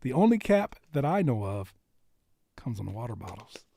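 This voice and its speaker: A man's voice: mid-range voice, big pitch swings, normal speed, gravelly, warm tone, slight background noise. A man hosting a live music reaction stream, bantering and teasing his chat viewers. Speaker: livestream host reacting to music.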